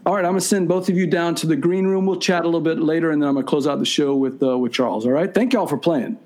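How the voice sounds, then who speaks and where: A man hosting a live-streamed game show over a video call, reading out viewer questions in a brisk, playful way. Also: on the high side, darkish tone. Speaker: show host.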